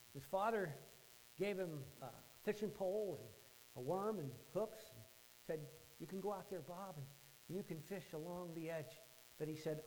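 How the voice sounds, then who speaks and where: A man preaching, telling a story with dramatic swings from hushed to loud. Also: a little high, slight background noise, rough recording. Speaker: pastor. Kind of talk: sermon storytelling.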